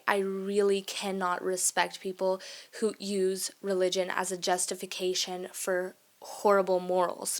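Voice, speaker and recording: A young woman talks straight to her viewers in a loose, rambling rant. She leans hard on her points with emphatic repeats, drifts off track and laughs along the way. Her pitch sits in an ordinary middle range. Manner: rambling and easily sidetracked. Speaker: vlogger. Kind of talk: casual rant monologue.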